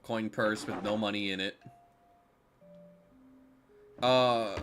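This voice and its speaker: A man's voice: on the low side, a little slow, long pauses, a bit bright, soft background music. A man co-hosting a game stream, chatting casually and rambling with lots of swearing. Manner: rambling, swears, laughs easily. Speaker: streamer co-host. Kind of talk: casual let's-play chat.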